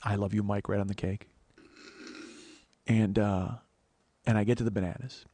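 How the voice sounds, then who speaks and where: A man's voice: on the low side, flat delivery, moderate pace, dark tone, a little hiss or hum. A man hosting his podcast, telling a rambling, profane, self-deprecating story with many restarts, into a close microphone. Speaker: comedian and podcast host. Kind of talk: casual solo storytelling.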